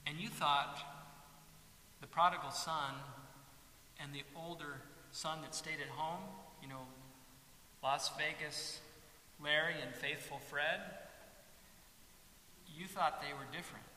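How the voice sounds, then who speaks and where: A preacher gives an animated, storytelling sermon. His voice is very bright and a bit high. It rings with a long echo in a hall, with a faint hiss behind it. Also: slow, long pauses.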